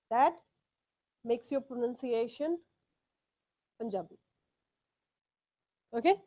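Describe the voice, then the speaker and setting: A woman's voice: fairly high pitch, takes it slowly, long pauses, warm tone. A woman teaching a live test class, drilling pronunciation by repeating words. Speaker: English test tutor.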